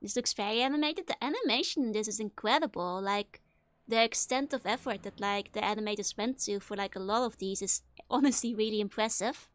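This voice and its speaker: A woman VTuber giving casual let's-play commentary, chatty and quick to laugh. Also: mid-range voice, dry recording. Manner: giggly and chatty, with frequent laughs. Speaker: VTuber streamer.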